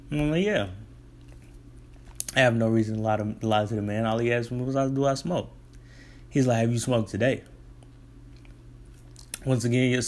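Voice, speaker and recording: A young man, casually telling a long rambling story about his delivery job. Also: mid-range voice. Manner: rambling, restarts, relaxed colloquial. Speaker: delivery driver.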